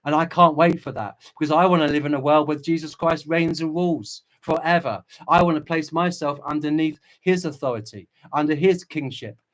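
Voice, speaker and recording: Man hosting a livestream, fervent and preachy between chat readings, pitched a touch high. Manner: impassioned and preachy, with restarts. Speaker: channel host.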